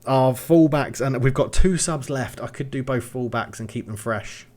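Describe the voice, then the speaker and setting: Casting: young male gaming YouTuber, lively let's-play commentary, mid-pitch, live match calls. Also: moderate pace. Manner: excitable, commentating on the match out loud.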